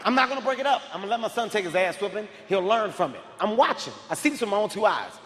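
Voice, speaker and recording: Man, stand-up comic, loud and animated, fairly high voice, big reverberant hall. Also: rapid-fire, a little hiss or hum. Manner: loud, animated storytelling with frequent shouting. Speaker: stand-up comedian. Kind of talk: stand-up comedy. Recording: live hall reverb, faint crowd ambience.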